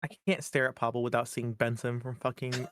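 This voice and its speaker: A man's voice: medium pitch, little pitch movement, fairly quick, smooth, dry recording, clean studio sound. Profane, teasing man on a stream. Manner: profane, teasing, theatrical outbursts. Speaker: co-host and friend on stream. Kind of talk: casual chat on a live stream.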